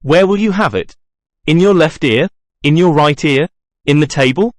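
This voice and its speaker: A man's voice: fairly high pitch, normal speed, dry recording, clean studio sound, close to an everyday voice. A man reading the part of a masked, lonely male genius, by turns brooding and boastful in a theatrical way. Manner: theatrical, wheedling then boastful.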